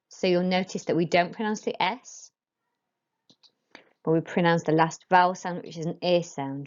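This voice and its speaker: A woman teaching a school French lesson, modelling each phrase slowly and carefully for pupils to repeat. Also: lowish voice, animated, a little mellow, dull audio. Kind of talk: recorded classroom lesson.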